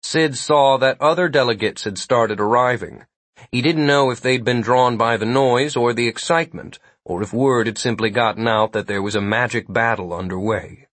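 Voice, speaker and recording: A male narrator reading a fantasy audiobook in measured, steady storytelling. His voice is husky and mid-pitched, recorded close and dry with no room sound. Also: no room sound. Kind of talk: scripted narration.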